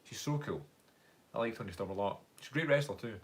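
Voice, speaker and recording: A man's voice: fairly low pitch, expressive, quick pace. A young man with a Scottish accent, talking into his phone's front camera during a live stream. He rambles in a loose, chatty way, answering viewers' questions and reading out their comments. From Scotland. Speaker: YouTuber hosting a live Q&A. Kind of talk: casual live-stream chat.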